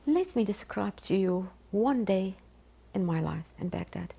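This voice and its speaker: A middle-aged woman from Iraq, a biology professor speaking slowly and haltingly in an interview, with pauses and repetitions. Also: medium pitch, lively intonation, gravelly, slightly rough. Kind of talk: interview testimony. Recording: dull lo-fi interview recording.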